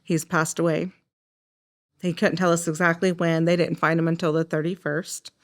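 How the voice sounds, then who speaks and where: Middle-aged Oklahoma mother, documentary interview, lower smooth voice, halting and emotional. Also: level tone. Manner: emotional, halting, with frequent fillers. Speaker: mother of the deceased.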